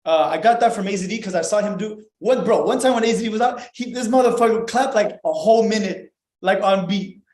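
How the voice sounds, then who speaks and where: A young man with a fairly high voice tells a story in a loose, animated way, swearing freely and acting out what people said. He sounds like a podcast guest chatting casually. The room around him is noticeably echoey. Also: fairly quick, hardly any pauses. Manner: animated, profane, acts out dialogue.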